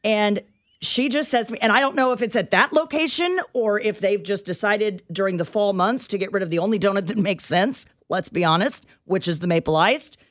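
A middle-aged woman co-hosting a radio show in a studio, telling an everyday story with animated, exasperated ranting. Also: mid-range voice, brisk. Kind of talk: casual talk radio chat.

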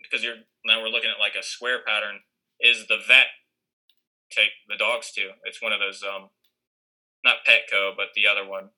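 A man's voice: on the low side, level tone, moderate pace, sharp tone, rough recording. A young man casually telling a rambling story, full of fillers and restarts, acting out what others said. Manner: rambling, many fillers and restarts, acts out quoted lines.

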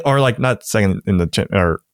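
A man co-hosting a casual football podcast, relaxed and chatty, laughing often and filling with "like". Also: fairly low pitch, moderate pace, no echo, studio quality. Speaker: podcast co-host. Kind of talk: casual sports chat.

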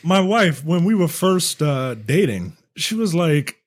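A man with a husky, slightly breathy voice chats loosely about video games, laughing often and swearing here and there. The sound is dry and close, with no room around it. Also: fairly high pitch, sing-song, measured pace, dry recording. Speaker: podcast co-host. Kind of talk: casual chat.

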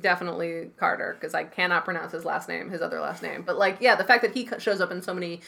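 A woman co-hosting a podcast, chatting casually about a TV show, animated and full of "like" fillers, swearing freely. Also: on the low side, fast, gravelly. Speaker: podcast co-host. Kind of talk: casual TV episode recap chat.

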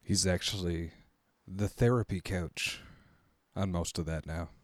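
A man's voice: low-pitched, fairly even intonation, unhurried, dry recording. A man co-hosting a casual podcast, teasing and bantering with the others. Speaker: podcast co-host. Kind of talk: casual chat.

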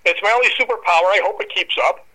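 Man, podcast guest, casual storytelling, very bright tone, animated retellings with quoted voices. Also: sits high, very fast, rough recording.

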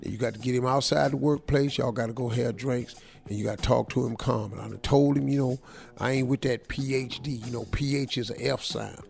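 A man's voice: medium pitch, steady tone, a little fast, gravelly, a little mellow, faint music behind. A man hosting a morning radio show, giving advice in a casual, slangy, joking way. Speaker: radio host.

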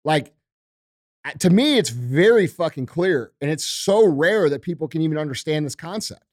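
A man's voice: a little high, expressive, moderate pace, dry recording, studio quality. A middle-aged man on a podcast, talking in a blunt, emphatic, profanity-heavy rant. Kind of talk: casual podcast chat.

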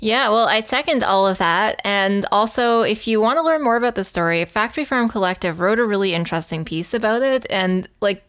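A woman's voice: mid-range voice, a little fast, few pauses, a bit bright. A Canadian woman co-hosting a podcast in casual chat, asking curious questions. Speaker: podcast co-host.

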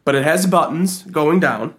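A man co-hosting a podcast, telling a story in an animated, giggly way. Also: a little high, moderate pace. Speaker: podcast co-host. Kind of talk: casual comedic chat.

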